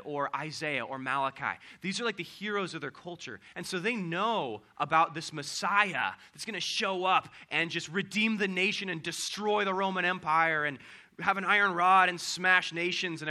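A man's voice: fairly high pitch, pushed and bright. A man giving a casual youth sermon, chatty, with many fillers and tag questions.

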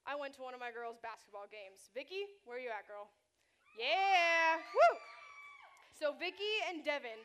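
Young woman, youth leader, high-pitched, energetic, playful, church talk. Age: young adult. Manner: energetic, chatty, playful storytelling. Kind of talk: youth sermon to middle schoolers.

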